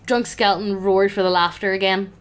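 A woman's voice: mid-range voice, steady tone, normal speed, clear, resonant tone. A woman acting as game master, narrating a tabletop game in a playful, amused way.

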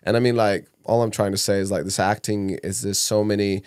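A man's voice: on the low side, level tone, brisk, darkish tone, clear, resonant tone, dry recording. A man hosting a podcast, speaking reflectively in a casual interview. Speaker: podcast host.

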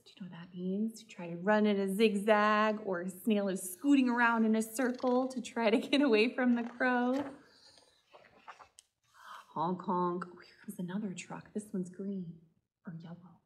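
A woman, a children's librarian, reading a picture book aloud and asking the children gentle questions. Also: mid-range voice, normal speed. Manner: gentle, talks directly to children. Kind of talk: storytime read-aloud.

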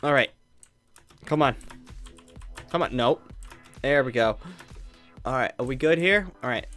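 A man's voice: mid-range voice, measured pace, a bit bright. A young man commenting on his own gameplay, muttering to himself and breaking into frustrated outbursts. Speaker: gaming youtuber. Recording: faint game music behind.

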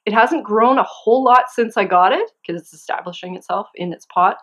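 Chatting casually to camera from home, a young adult woman hosts a knitting podcast, giggling and tossing in excitable asides. Her voice sits in the mid-range and runs a little fast.

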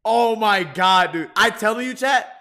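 A man's voice: high-pitched, measured pace, bright, forceful tone. A man streaming a game, tipsy from drinking and talking to his chat in a rowdy, profane way. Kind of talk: casual gaming livestream chat.

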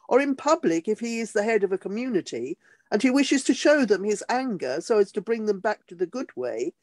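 A woman reading a passage aloud for a class in a measured, deliberate way. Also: medium pitch, darkish tone, dry recording. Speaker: class participant reading a text.

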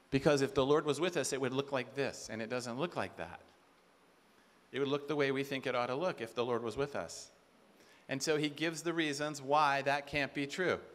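A man giving a sermon at a conference, animated, acting out quoted voices and asking the crowd rhetorical questions. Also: mid-range voice. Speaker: conference speaker.

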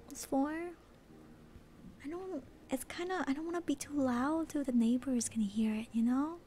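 A female livestreamer chatting in whispered role-play, soft and bubbly, at home at night. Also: high voice, a little slow, pauses often, a little hiss or hum.

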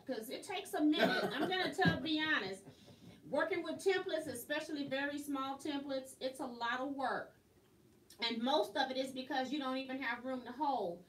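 A woman hosting a casual live quilting tutorial, chatty and quick to laugh. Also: sits high, fairly bright tone. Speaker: quilting instructor and host. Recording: roomy, distant mic, faint noise.

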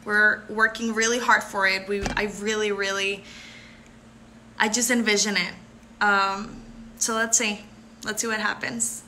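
Girl in her 20s doing a live chat with fans, super bright voice, gushing and grateful, slight background hiss. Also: medium pitch, little pitch movement. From Puerto Rico. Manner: bubbly and effusive, quick to thank and laugh. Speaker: beauty pageant contestant. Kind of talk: live stream answering viewer comments.

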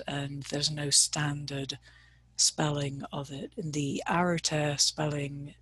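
On a video call, a woman teaching meditation talks casually, hesitating and groping for the right words. Her voice is deep, husky, and a bit bright, with no echo.

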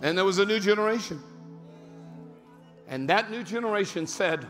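A male pastor preaching a sermon in a large church, breaking into shouted, rising bursts. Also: high voice, lively intonation, normal speed. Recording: reverberant church hall with music.

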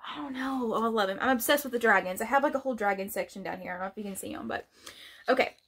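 A woman's voice: fairly high pitch, very fast, fairly bright tone, slightly rough. A woman vlogger chatting casually through an unboxing, gushing and laughing often.

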